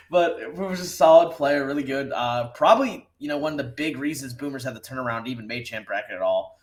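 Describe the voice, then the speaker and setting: A man's voice: medium pitch, brisk, few pauses, a bit bright. Laid-back, joking male co-host. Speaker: podcast co-host. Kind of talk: casual esports podcast chat.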